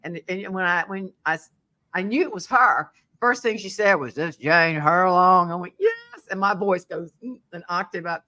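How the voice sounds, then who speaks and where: A middle-aged woman from the Southern United States, appearing as a humorist guest, tells a funny story in casual conversation with a Southern American accent. She's animated and acts out the voices of the people in the tale, speaking at a moderate pace in a medium-pitched voice.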